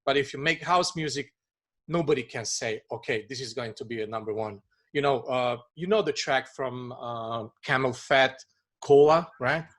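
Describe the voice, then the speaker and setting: A man's voice: mid-range voice, moderate pace, fairly bright tone. A man hosting a casual chat with a producer, musing at length about the music business. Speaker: podcast host.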